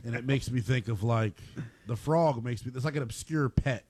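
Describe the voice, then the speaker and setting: A man co-hosting a casual chat, animated and jokey, quick to laugh. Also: medium pitch, breathy edge, no echo. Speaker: podcast co-host.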